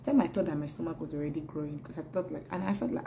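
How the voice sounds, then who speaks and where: A young adult woman chatting casually to camera in a vlog, animated and laughing often, repeating words as she talks. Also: low-pitched, rapid-fire, gravelly, slight background noise, low-quality recording. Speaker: pregnancy vlogger.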